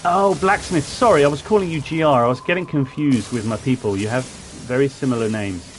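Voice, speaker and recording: A man's voice: medium pitch, fairly quick, a little hiss or hum. Chatty man streaming a game. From Plymouth, southwest England. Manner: chatty, rambling, greets and answers chat viewers. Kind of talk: casual live-stream gameplay commentary.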